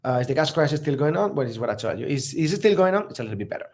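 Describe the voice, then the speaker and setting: A man's voice: medium pitch, very animated, racing, a little mellow. A travel vlogger, a man, talks through viewer questions in a loose, unscripted Q&A. He rambles and leans on fillers as he goes. His tone stays upbeat and friendly, and he laughs easily. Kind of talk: casual live Q&A chat.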